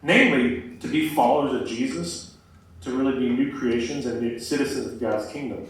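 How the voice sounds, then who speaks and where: A young man preaches to a campus group in a relaxed, chatty way, with plenty of fillers. His voice sits at an ordinary pitch. He is heard from a distance in a strongly echoing room. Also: normal speed. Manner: conversational, many fillers like "like" and "um". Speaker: campus ministry speaker. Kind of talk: casual sermon.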